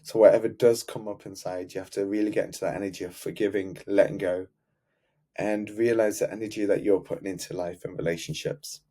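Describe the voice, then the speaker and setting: A man's voice: deep voice, fairly even intonation, a little fast, mellow. A man speaking as a love coach, giving an earnest, heartfelt motivational talk to camera and repeating key words.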